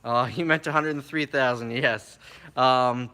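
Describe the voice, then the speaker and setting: A man casually answering viewer questions on a live stream, chatty and relaxed, reading each question aloud before he answers. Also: medium pitch, unhurried, smooth.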